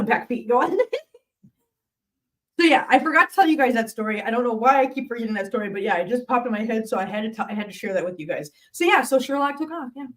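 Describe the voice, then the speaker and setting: A woman hosts a live stream, chatting casually with viewers, telling rambling stories, and now and then sweetly cooing to her cats. Her voice is a little high and expressive with a quick pace, picked up from a distance on a laptop mic.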